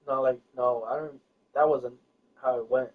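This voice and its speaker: A man's voice: medium pitch, fairly even intonation, normal speed. Hesitant rambling man, distant and muffled. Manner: rambling and hesitant, full of fillers and restarts. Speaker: storyteller. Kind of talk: casual chat. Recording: distant, dull lo-fi recording.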